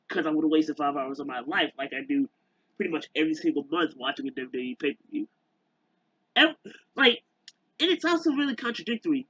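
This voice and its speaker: A man with a slightly raised, husky voice rants casually to camera, trailing off and starting over again and again. His pitch leaps around as he talks. The recording is dry and a bit dull, like a cheap home mic. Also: a bit bright, no echo. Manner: rambling, halting, many fillers and restarts. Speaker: YouTuber.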